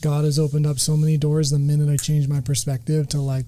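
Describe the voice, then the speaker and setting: A man's voice: on the high side, monotone, fast, hardly any pauses, dark tone, rough recording. A man sharing earnestly and emphatically in a casual podcast chat, speaking in terms of faith. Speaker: podcast guest, returning regular.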